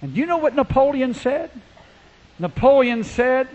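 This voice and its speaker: Fervent high-voiced shouting preacher. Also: male voice, big pitch swings, moderate pace, highs cut off. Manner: fervent, swings from low storytelling to shouting; acts out people in his stories. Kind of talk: revival sermon.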